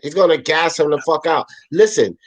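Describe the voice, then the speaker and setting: A man in a loose boxing debate, pressing his case with blunt, profane emphasis. His voice sits high for a man. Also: moderate pace, poor audio. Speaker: boxing show co-host. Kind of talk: casual sports debate.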